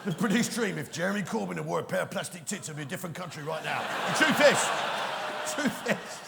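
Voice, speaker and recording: A stand-up comedian with a fairly high, gravelly voice rants and swears at a fast clip in a large theatre, constantly prodding the live audience with "right?" Heavy background noise mixes with the reverberant venue sound.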